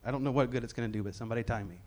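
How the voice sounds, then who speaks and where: A man's voice: mid-range voice, racing, a little mellow. A middle-aged man preaching a Bible-teaching sermon in a conversational way, with joking asides and key phrases repeated for emphasis.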